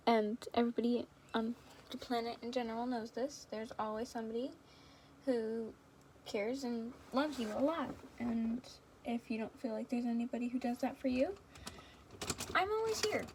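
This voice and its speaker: A young woman with a somewhat high voice, chatting casually and rambling on to her viewers. She giggles often and sounds affectionate. A faint hiss sits under the recording. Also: moderate pace, a little mellow. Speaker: fan video creator.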